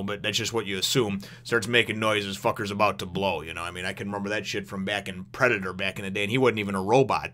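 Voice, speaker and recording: A man's voice: lowish voice, pushed and bright. A man rambling through a casual manga chapter review, swearing freely and laughing as he goes. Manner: rambling, profane, laughs often.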